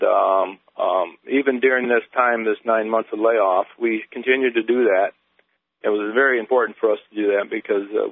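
Halting older man on a phone line. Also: on the low side, no echo. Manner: halting, many uh and um, gets emotional. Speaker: caller. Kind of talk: phone-in testimony.

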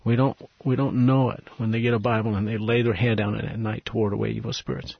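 Low, husky man telling an earnest story. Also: flat delivery, fast, dry recording, muffled recording. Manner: earnest, drops to a hushed, breathy voice at tender moments. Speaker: missionary guest. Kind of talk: emotional storytelling testimony.

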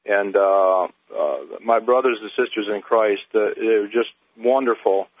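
An older man speaks over a tinny phone line with a low voice. He talks haltingly, with many pauses and fillers. The sound is dry and close. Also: no room sound. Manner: halting, many uh and um, gets emotional. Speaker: caller. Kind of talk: phone-in testimony.

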